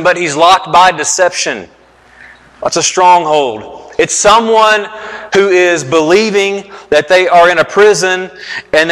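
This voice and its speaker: Middle-aged male pastor, sermon delivery, earnest storyteller, slightly high voice with long hall reverb. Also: sharp tone. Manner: earnest storytelling preacher, repeats phrases for emphasis.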